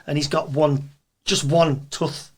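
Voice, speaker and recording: A man with a Birmingham accent tells stories in a casual chat as a guest, and his voice sits a little high. He lively acts out what others said along the way. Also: takes it slowly. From England. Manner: animated storyteller, acts out quotes. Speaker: guest, event promoter.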